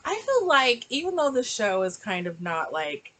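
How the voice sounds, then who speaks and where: A woman's voice: on the high side, very animated, moderate pace, fairly bright tone, rough recording. A woman chatting animatedly in a casual reaction review, recorded on a laptop mic and slipping into mocking voices. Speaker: book and TV reviewer.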